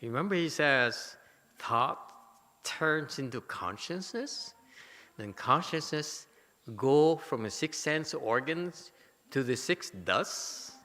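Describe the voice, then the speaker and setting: A man teaching a Buddhist dharma lecture, animated and teasing, with many rhetorical questions to his listeners. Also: fairly high pitch, slow pace. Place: temple lecture hall. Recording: hall reverb.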